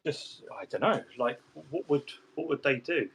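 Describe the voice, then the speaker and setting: A man's voice: a little high, lively intonation, normal speed, gravelly, fairly bright tone, husky. A man hosting a hobby chat, rambling and joking with lots of restarts and asides as he works at his desk. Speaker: hobby stream host. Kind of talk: casual chat while model painting.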